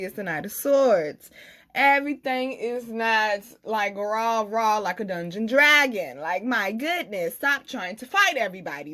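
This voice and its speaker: A woman giving a tarot reading in a casual, blunt and profane way, telling animated stories and speaking. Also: on the high side, moderate pace. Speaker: tarot reader.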